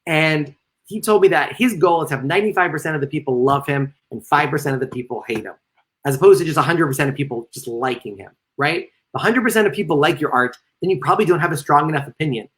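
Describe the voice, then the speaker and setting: A man's voice: quick pace, a bit bright. Guy lecturing on a livestream, reads chat comments, keeps tossing in jokes, voice jumps way up for gags. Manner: joking asides, sudden playful jumps in pitch. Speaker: lecturer and comedian. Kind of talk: live-streamed lecture reading chat comments.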